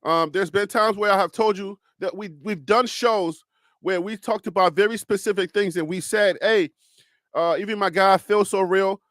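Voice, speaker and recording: A man hosting a live sports talk show, speaking in a calm, reassuring, preacher-like cadence and often repeating and restarting phrases. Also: high-pitched, moderate pace, dry recording, clean studio sound.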